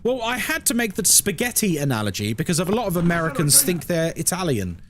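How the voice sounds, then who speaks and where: Fast-talking and sing-song, this British man has a fairly high voice with a slight hiss or hum in the audio. He answers his live stream chat casually, wry and sarcastic, in British English.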